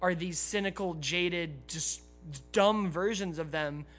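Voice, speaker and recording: A man's voice: high voice, slow, a bit bright. A man co-hosting a podcast, speaking earnestly and heartfelt, with frequent restarts. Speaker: podcast co-host. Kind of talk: casual podcast chat.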